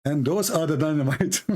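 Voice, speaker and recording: Husky and pitched high, this man's voice carries casual, mocking commentary for his online show. He keeps cracking himself up at his own jokes while rambling through frequent restarts and fillers, his non-native English slipping grammatically.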